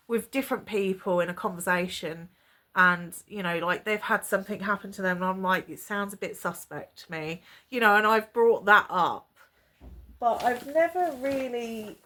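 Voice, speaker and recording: A woman's voice: mid-range voice, bright, forceful tone. A woman, chatting to camera and retelling a personal story with lots of quoted dialogue. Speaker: vlogger.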